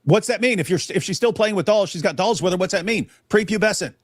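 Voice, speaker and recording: Guy hosting a call-in debate, kinda high voice, dry close sound, keeps pressing his point. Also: lively intonation, quick pace, no room sound. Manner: exasperated, emphatic. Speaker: host.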